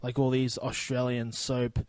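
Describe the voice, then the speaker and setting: A man's voice: mid-range voice, monotone, unhurried, a little mellow, no room sound. A young man in his twenties with a New Zealand accent, hosting a casual solo podcast in a loose, profane, rambling way. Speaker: podcast host.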